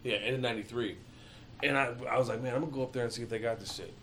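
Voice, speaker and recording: A man's voice: mid-range voice, racing, a little hiss or hum. A man from Michigan telling stories in a casual chat, swearing a lot and acting out what people said. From Michigan, USA. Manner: animated storyteller, heavy swearing, acts out quotes.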